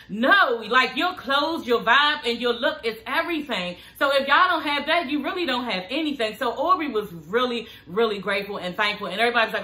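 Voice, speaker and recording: A woman in her thirties talks straight to camera in a relaxed vlog, frank and chatty with plenty of swearing. Her voice sits a little high and sounds very bright. The room around her has a noticeable echo. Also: a little fast, hardly any pauses. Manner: chatty, frank and profane, calls viewers honey and girl. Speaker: TV show reviewer. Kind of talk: casual vlog chat.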